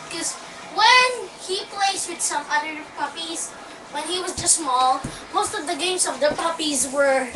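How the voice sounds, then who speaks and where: High-voiced woman on a noisy webcam. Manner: chatty, scolds the puppy and yelps out loud. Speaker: dog owner. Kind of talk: casual home video. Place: room at home. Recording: echoey, distant, noisy webcam audio.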